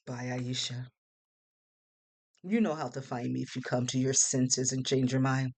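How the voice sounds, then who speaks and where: A woman's voice: rumbling low, steady tone, a little slow, darkish tone, full character voice. A woman reading the lines of a resentful young man, an ex-lover who sneers in bitterness. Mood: aggrieved. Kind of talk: audiobook character reading.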